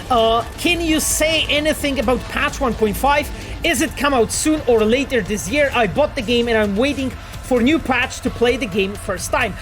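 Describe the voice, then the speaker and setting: A man's voice: extremely high pitch, a bit bright. Laughing man rambling on stream. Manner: rambling, laughing often, lots of fillers. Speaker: streamer and quest director. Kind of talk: casual stream chat while gaming.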